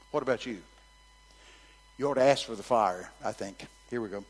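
A man's voice: medium pitch, brisk, pauses often, husky, long reverb tail, poor audio. A man preaching a sermon, telling stories with animation and calling out to his congregation. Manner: animated storytelling, calls out to the congregation.

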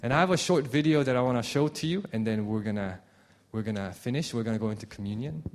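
A man's voice: medium pitch, fast, a little mellow, a little hiss or hum. A man preaching a conversational sermon as pastor, reading scripture aloud and restarting his sentences as he goes.

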